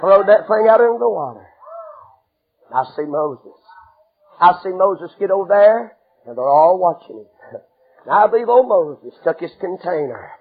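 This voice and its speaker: Fervent husky-voiced man preaching. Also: high-pitched, lively intonation, normal speed, pauses often, phone-quality sound. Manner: fervent storytelling, acts out scenes, bursts into shouts. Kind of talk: sermon.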